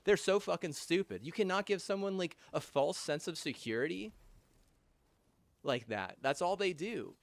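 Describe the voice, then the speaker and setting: Young adult male, slightly high-pitched, angry profane ranter who rambles and restarts. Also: lively intonation, creaky, no room sound. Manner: angry, heavy swearing, halting restarts and fillers.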